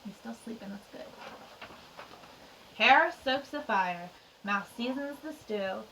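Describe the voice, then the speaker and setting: A woman teacher reading a picture book aloud to young children, expressive and chatty with little asides. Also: fairly high pitch, slow pace, a little hiss or hum. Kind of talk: children's storytime read-aloud. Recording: distant mic.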